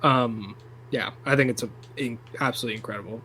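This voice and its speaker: A young man co-hosts a casual film chat in an even mid-range voice. He rambles with enthusiasm and swears freely. A faint hum sits under the recording. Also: medium pitch, fast talker, low-quality recording. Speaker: podcast co-host.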